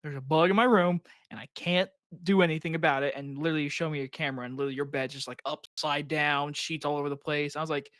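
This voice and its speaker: A young man co-hosting a podcast, excitable in casual chat, laughing and swearing often. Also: a little high, fast talker, few pauses, dry recording, studio quality. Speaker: podcast co-host.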